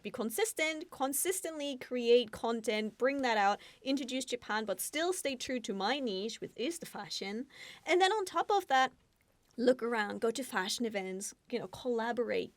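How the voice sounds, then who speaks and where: A woman's voice: a little high, no echo. A woman co-hosting a casual podcast chat, bubbly and giggly as she talks about her presenting work.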